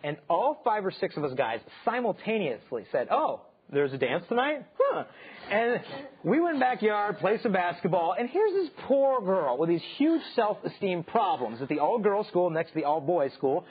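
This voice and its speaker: A man in his thirties, hosting an inspirational talk show, telling lively stories and acting out the voices in them. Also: sits high, moderate pace, breathy edge. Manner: animated storyteller acting out quoted voices. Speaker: host and speaker. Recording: dull lo-fi sound.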